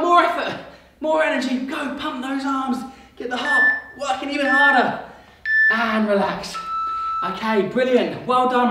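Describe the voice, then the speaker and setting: A man's voice: high voice, a bit bright. A man coaching a kids' workout, upbeat and encouraging, calling out countdowns and cues between quiz questions. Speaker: fitness coach. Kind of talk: kids workout instruction with quiz. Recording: very echoey room, mic far off.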